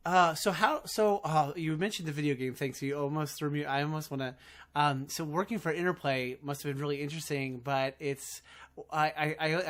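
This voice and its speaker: A man hosting a casual podcast interview, speaking haltingly with many restarts. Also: fairly high pitch, a bit bright. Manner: halting, full of fillers and restarts. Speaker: podcast host.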